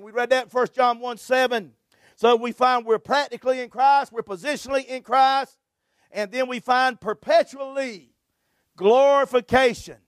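A man's voice: extremely high pitch, clear, resonant tone, dry recording, clean studio sound. A man preaching a fervent sermon, punctuating his phrases with "amen" and short chuckles.

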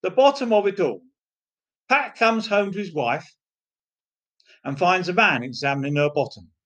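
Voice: mid-range voice, animated, moderate pace, a bit bright. A joke teller reading a series of pub jokes aloud, story by story.

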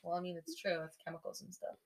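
A woman's voice: on the low side, fast talker. A young woman co-hosting a podcast in casual chat, giggly and chatty, drifting from topic to topic. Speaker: podcast co-host.

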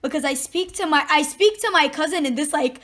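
High-voiced laughing woman. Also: fairly quick. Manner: animated, laughing often. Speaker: podcast co-host. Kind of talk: casual chat.

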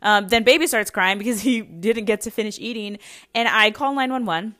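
A woman's voice: medium pitch, normal speed, a bit bright. A young adult woman hosting a podcast, telling a personal story in a casual, rambling way with many fillers and restarts. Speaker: podcast host.

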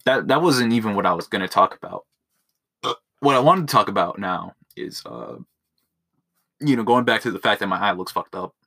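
Gravelly yet bright, his lowish voice has a forceful push. The young host is doing a solo podcast from his room at home, recorded by phone, rambling crudely with constant cursing and self-deprecating humor.

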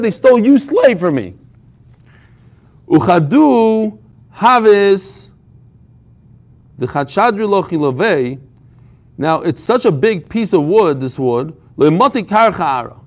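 A man teaching an informal Talmud class, telling the story with humor and frequent restarts. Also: high-pitched.

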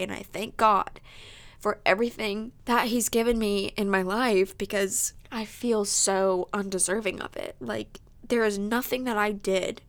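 A woman in her early twenties hosting a podcast, talking in a heartfelt, emotional way, sniffling and close to tears, with many fillers. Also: mid-range voice. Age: 20s. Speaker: podcast host. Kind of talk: casual heartfelt monologue.

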